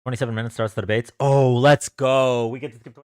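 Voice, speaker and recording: A man's voice: mid-range voice, steady tone, quick pace, darkish tone, smooth, no room sound, studio quality. A young man hosting a live stream from home, chatting casually and greeting viewers by name in a loose, joking way. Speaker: livestream host.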